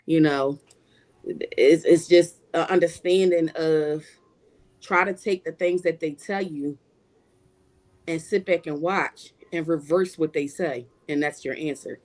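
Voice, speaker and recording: A woman's voice: low voice, steady tone, measured pace, darkish tone. A woman guest on a livestream panel, speaking emphatically about spirituality in casual, repetitive, preacher-like runs.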